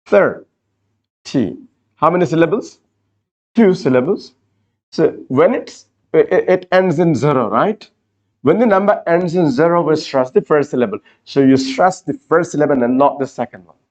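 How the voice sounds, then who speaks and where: A man's voice: on the high side, darkish tone. A man teaching an exam-prep class, repeating key words and explaining step by step. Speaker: IELTS teacher. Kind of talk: classroom lecture.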